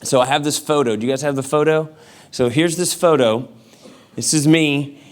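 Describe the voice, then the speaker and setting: A male pastor delivers a relaxed sermon, telling funny personal stories. His voice sits a little high for a man. He speaks to the congregation like friends, mixing jokes with his point. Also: moderate pace. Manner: casual, humorous storytelling with acted-out quotes.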